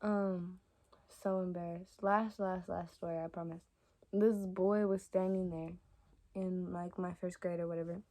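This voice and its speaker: A young adult woman vlogger telling stories to camera in a casual, rambling way, with lots of fillers and soft asides. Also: on the low side, flat delivery, measured pace. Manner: chatty and rambling, many fillers like "like" and "y'all". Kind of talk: casual storytime chat to camera.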